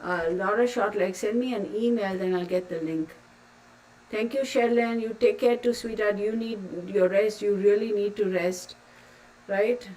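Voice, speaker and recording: A woman's voice: mid-range voice, a little slow, darkish tone. A woman hosting a livestream and answering viewer comments, calling people sweetheart and getting emotional. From Texas. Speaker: livestream host. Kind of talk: casual livestream chat, reading viewer comments. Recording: distant mic with faint background noise.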